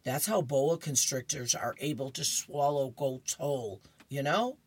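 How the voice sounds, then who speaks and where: A woman voicing a know-it-all grown man from a comic strip, in a low, confiding and matter-of-fact way. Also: expressive, a little slow, husky, full character voice.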